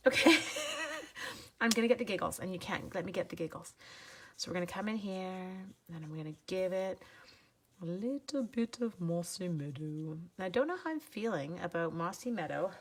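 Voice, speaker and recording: A woman's voice: on the low side, expressive, normal speed, noisy background. A woman in her forties with the sniffles, chatting casually with viewers during a live crafting demo at home, self-deprecating and talkative. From Canada. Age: 40s. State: sniffly from sneezing. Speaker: crafting livestream host.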